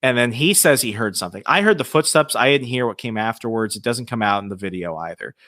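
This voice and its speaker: Speaking quickly at a medium pitch, a podcast guest spins ghost stories in a profane, animated, casual style, performing the quotes of the people in them. The sound is dry, with studio quality.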